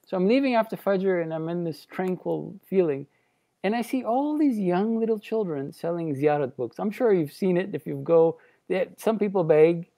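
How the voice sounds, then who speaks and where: Gravelly, dark-voiced man on a panel. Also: high voice, lively intonation. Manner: heartfelt and halting, with frequent restarts. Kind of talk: personal reflection in a panel discussion.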